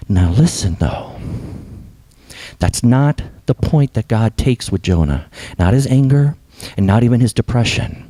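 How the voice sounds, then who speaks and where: A young adult man preaching a sermon as pastor, animated, sometimes dropping to a hush for emphasis. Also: medium pitch, a little slow, dry recording.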